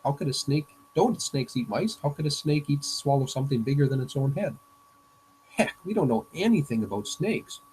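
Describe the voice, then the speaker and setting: A man voicing an excitable, curious young cartoon boy who fires off eager questions. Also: mid-range voice, a little hiss or hum, voice pushed up, lightly acted, rough recording. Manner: eager, rapid-fire questions.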